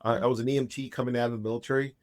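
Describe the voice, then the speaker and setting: A man's voice: mid-range voice, flat delivery, racing, dry recording, studio quality. A man in his fifties, a podcast guest, telling a long personal story in a chatty, rambling way with frequent restarts. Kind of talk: casual storytelling.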